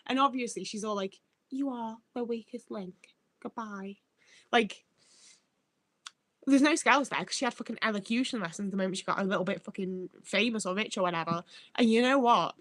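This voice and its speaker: A woman chats casually to her livestream audience, sweary and meandering, often stopping to find her words. Her voice sits at an ordinary middle pitch, and the sound is close and dry with no room echo. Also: fast talker, a bit bright. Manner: rambling, sweary, self-interrupting. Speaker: livestream host. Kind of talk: casual live-chat rambling.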